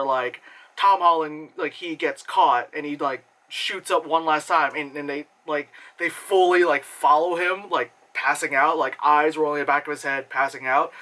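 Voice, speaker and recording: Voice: mid-range voice, pushed and bright, rough recording. A movie reviewer talking casually and rambling, with lots of fillers, swearing and frequent laughter. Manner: laughs often, does quick impressions. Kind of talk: casual spoken film review.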